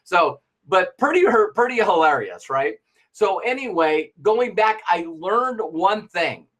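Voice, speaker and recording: A man's voice: high voice, lively intonation, slow, fairly bright tone. A middle-aged man giving a motivational talk, acting out little dialogues and laughing as he goes. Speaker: motivational speaker.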